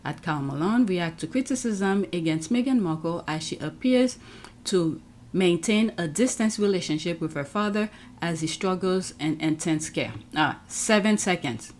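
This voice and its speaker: A woman's voice: on the low side, animated, normal speed, darkish tone, a little hiss or hum. Chatty woman commenting on her screen. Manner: chatty, talks through her screen work aloud with exclamations. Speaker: YouTube commentator. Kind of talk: casual reaction commentary.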